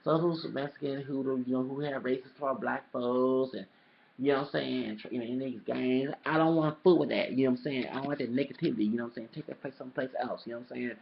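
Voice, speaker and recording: Fast-talking gravelly man, rambling. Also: medium pitch, fairly even intonation. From El Paso, Texas. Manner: rambling, emphatic, repeats "you know what I'm saying". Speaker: vlogger. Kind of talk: casual monologue to camera. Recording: dull lo-fi home video audio.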